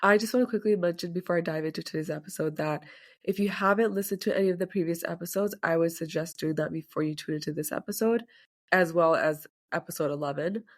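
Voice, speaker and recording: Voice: medium pitch, fast. Podcast host, congested, stuffy sick voice, chatty, rambling, casual solo talk. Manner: chatty, rambling, says "like" often.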